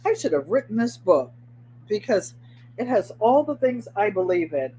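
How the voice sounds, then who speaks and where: A woman's voice: mid-range voice, sing-song, normal speed, mellow, slight background noise. A woman hosting a casual craft livestream from home, chatting and giving motivational advice straight to her viewers, often repeating phrases for emphasis. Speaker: host of a craft channel. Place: at home, indoors.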